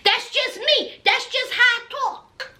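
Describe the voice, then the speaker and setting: A woman's voice: extremely high pitch, takes it slowly, bright, forceful tone. A woman, recapping a reality show in a blunt, sassy way to her viewers. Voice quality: thick accent. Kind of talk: casual recap vlog.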